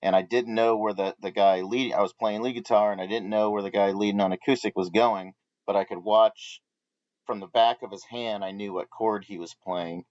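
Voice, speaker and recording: Low-voiced man in a muffled, dry recording. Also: steady tone, moderate pace, darkish tone, dry recording. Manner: rambling storyteller, many restarts. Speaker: co-host of a live Bible study. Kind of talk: casual Bible study discussion.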